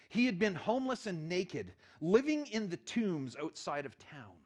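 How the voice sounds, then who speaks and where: A middle-aged man preaching with a lively, swooping delivery. His voice sits high for a man, and he tells the story with animated, acted-out quotes. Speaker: pastor. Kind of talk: sermon.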